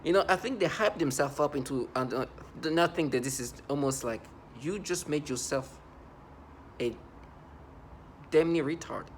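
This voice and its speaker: A man in his thirties with a slightly higher-than-usual voice talks to the camera in a rambling, halting way, sounding aggrieved. There is a faint background hiss. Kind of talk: personal monologue to camera.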